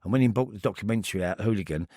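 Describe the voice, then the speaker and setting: A middle-aged man with a Cockney accent tells his stories as a podcast guest, halting and restarting often as he rambles. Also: lowish voice, mellow, dry recording, studio quality. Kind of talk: storytelling in casual interview.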